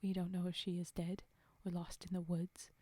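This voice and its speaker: A woman whispering a fairy tale slowly and softly as a storyteller, in a whispered role-play reading. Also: fairly low pitch, flat delivery, dry recording. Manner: soft, slow, whispered reading. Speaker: storyteller and streamer.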